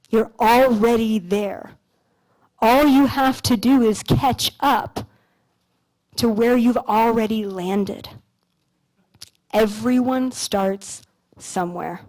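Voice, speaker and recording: A woman in her thirties, from Canada, speaks from a stage at an expo in a slightly high voice. She tells stories in a loose, animated way, peppering them with "like" and the occasional swear word, then slows down to address the crowd directly. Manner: casual, animated storytelling with frequent "like" and mild swearing. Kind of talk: motivational stage talk with storytelling. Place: stage at a large expo hall.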